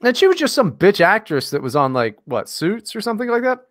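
An American man co-hosting a casual podcast, sarcastic and crude, with plenty of "uh" and "you know." His pitch swings widely as he talks. His voice sounds dry and close, with no room sound. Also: sing-song, brisk, a bit bright, dry recording. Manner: profane and sarcastic, many fillers. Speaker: podcast co-host. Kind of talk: casual chat.

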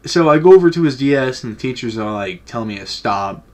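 Young male vlogger, relaxed and profane story-time delivery. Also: mid-range voice, fast. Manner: laid-back, profane storytelling.

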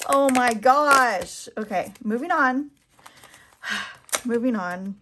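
A woman's voice: fairly high pitch, lively intonation, takes it slowly, sharp tone, a little hiss or hum. A woman talking casually to her camera as a nail polish vlogger, flustered and rambling, with frequent laughs.

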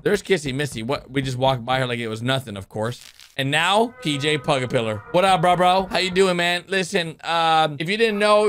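A young man hosting an excited reaction commentary on animations, with loud outbursts and laughter. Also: high voice. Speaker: YouTube host reacting to animations. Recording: background music under the voice.

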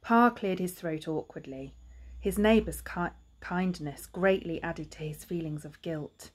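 A woman's voice: on the low side, measured pace, darkish tone. A woman with an English accent, a primary school teacher, reading a children's book aloud expressively with chatty asides.

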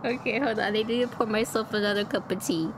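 A woman's voice: medium pitch, fast, noisy background. A woman streaming a video game, chatting to her viewers with frequent giggles. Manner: giggly, chatty, talks to chat. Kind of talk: live game stream commentary.

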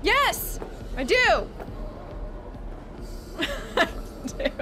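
A young woman streaming a game, excitable, laughing often and swearing freely as she chats with viewers. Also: very high voice, extremely slow. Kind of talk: live gameplay chat. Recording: clear music behind her.

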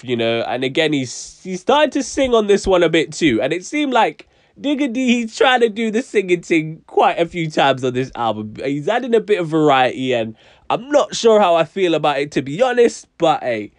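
A man's voice: fairly high pitch, dry recording. Chatty young man reviewing music. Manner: chatty, frank, hedging with "I don't know". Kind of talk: casual review vlog.

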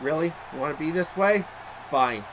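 A young man hosting a gaming channel, giving excitable let's-play commentary with loud outbursts and mild swearing. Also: on the high side, normal speed, a crowd in the background.

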